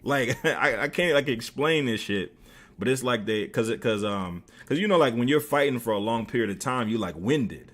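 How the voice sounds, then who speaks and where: A man's voice: medium pitch, moderate pace. A man streaming, telling a story in a casual, profane way with lots of fillers. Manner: animated, profane, many fillers.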